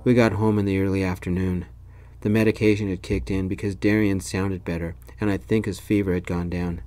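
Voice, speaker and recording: A man narrating a story in the first person, in a gentle, soft-spoken ASMR style. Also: low-pitched, little pitch movement, brisk.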